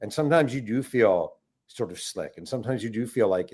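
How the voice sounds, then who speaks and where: A man's voice: mid-range voice, expressive, a little fast, a little mellow, breathy edge. A middle-aged man, an author guest, telling a story animatedly in a casual interview and acting out the voices he quotes.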